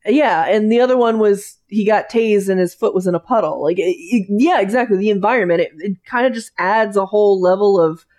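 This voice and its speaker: A woman's voice: mid-range voice, fairly quick, few pauses, a little mellow. A woman co-hosting a casual podcast, chatting about a TV show with lots of "like" fillers. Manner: chatty, many "like" fillers and restarts.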